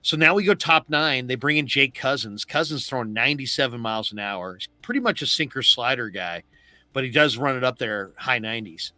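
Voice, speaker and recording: Man in a bright, lively sports recap. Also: mid-range voice, brisk, no echo. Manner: animated storyteller, acts out quotes. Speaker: sports talk host. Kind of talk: casual postgame recap.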